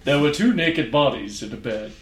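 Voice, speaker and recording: A man's voice: on the high side, lively intonation, moderate pace. A man telling a rambling story on a casual podcast, with many ums and uhs. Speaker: podcast co-host. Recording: echoey room.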